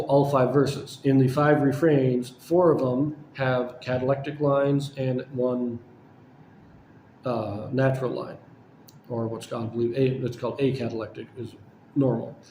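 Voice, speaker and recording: A man's voice: medium pitch, fairly even intonation, moderate pace, warm tone, reverberant, a little hiss or hum. A man casually explaining a poem's form and meter, with frequent fillers and self-corrections. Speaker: poetry channel host. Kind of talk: casual poetry lecture.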